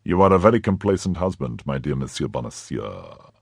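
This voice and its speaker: A man voicing a powerful older cardinal who questions in a measured, probing way and commands quietly. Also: a bass voice, big pitch swings, gravelly, slightly rough, no echo, studio quality, voice pushed down, exaggerated voice. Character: powerful older male cardinal, cold, calculating.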